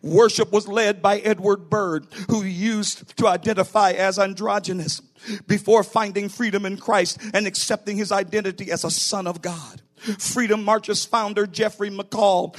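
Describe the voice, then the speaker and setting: A man's voice: sits high, little pitch movement, moderate pace. A middle-aged man preaching a sermon in a church as pastor, building to emphatic bursts.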